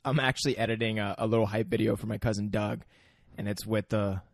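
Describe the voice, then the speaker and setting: A man's voice: fairly low pitch, steady tone, fast, gravelly, no room sound, clean studio sound. A man co-hosting a podcast, chatting about a movie in laid-back, crude banter. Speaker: podcast co-host. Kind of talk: casual movie recap chat.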